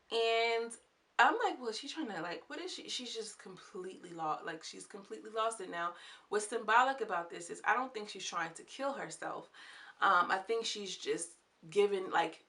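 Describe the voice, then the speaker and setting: Lively woman recapping a TV episode. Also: fairly low pitch, vocal fry. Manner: animated, chatty, exclamatory slang. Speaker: TV show reviewer. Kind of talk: casual recap and commentary.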